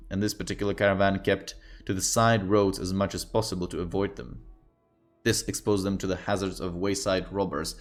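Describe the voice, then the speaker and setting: Low-voiced man reading a book aloud. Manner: reads aloud and breaks off to add offhand, joking asides. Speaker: streamer reading lore aloud. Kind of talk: casual reading with commentary.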